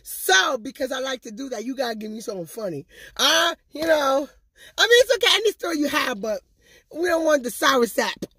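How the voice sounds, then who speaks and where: A woman's voice: sits high, sing-song, brisk, bright, forceful tone, dry recording. A talkative woman hosting her own vlog, chatting casually and directly to her viewers. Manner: chatty, talkative, loves to gab. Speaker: vlogger and channel host.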